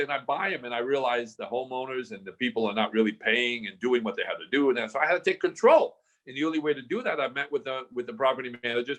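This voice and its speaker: A man in his sixties, a real estate investor guest, telling stories animatedly in a casual interview and acting out the dialogue. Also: medium pitch. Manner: animated storyteller, acts out dialogue.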